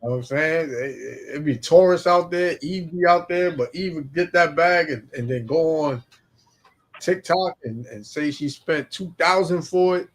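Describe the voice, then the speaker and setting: A man hosting a relaxed talk stream, drawling with lots of fillers. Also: fairly high pitch, normal speed. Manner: laid-back, drawling, many fillers. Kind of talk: casual chat and scripture reading.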